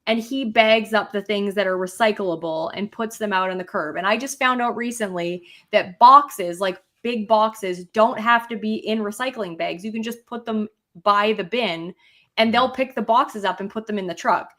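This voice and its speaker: A woman's voice: medium pitch, normal speed, fairly bright tone. A young woman co-hosting a casual podcast chat, telling stories with animation and acting out quarrels with a rising voice. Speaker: podcast co-host.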